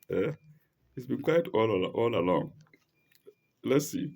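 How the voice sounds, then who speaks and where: A man reading and explaining scripture slowly, often repeating words and correcting himself as he reads. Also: medium pitch, animated, gravelly, darkish tone. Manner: reads Arabic phrases aloud slowly. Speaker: religious teacher. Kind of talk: slow scripture study commentary.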